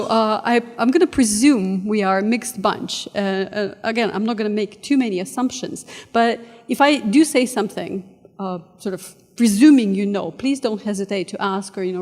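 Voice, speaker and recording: A woman's voice: mid-range voice, moderate pace. A woman giving a friendly, hesitant lecture to a room, with many fillers. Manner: friendly, hesitant with fillers, reads quotes with animated emphasis. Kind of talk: university lecture. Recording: long hall reverb.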